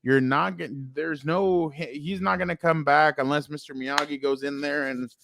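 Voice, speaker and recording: A man's voice: a little high, fairly even intonation, normal speed, vocal fry, background noise. Man rambling through casual sports chat. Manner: rambling, many fillers and restarts. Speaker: sports podcast co-host.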